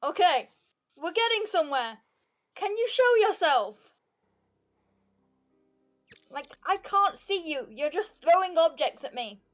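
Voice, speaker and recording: A woman with a high voice playing her character in a tabletop game. She talks bluntly and casually, often laughing and swearing. The sound is slightly dull. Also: big pitch swings, takes it slowly, pauses often, faint music behind. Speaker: player. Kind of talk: casual tabletop role-play.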